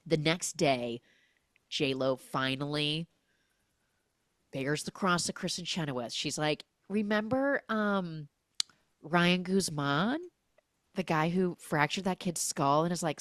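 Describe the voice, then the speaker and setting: A young adult woman hosting a casual, comedic film recap podcast, acting out the characters' lines in quick, exaggerated voices. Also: low voice, a bit bright, dry recording, studio quality.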